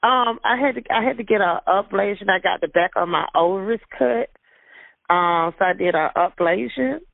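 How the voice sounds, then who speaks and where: A woman's voice: mid-range voice, gravelly, dry recording. A woman recounting a personal ordeal in an interview, emotional, repeating herself and acting out the dialogue. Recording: tinny phone-like sound, dry.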